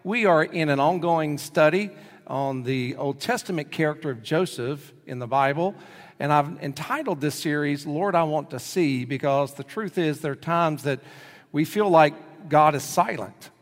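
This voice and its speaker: A man's voice: fairly high pitch, moderate pace. A male pastor preaching a sermon, telling stories and acting out the quoted voices in them. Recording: long hall reverb.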